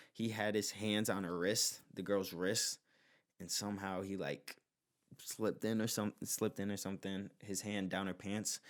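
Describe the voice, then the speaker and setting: Low-voiced man telling a story casually. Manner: animated, incredulous asides. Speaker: podcast host.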